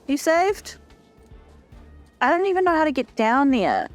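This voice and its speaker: Talking fast in a high voice with wildly swooping pitch, a young gaming channel host casually comments on the video game she's playing. She's chatty, profane, and self-mocking, and soft music plays in the background.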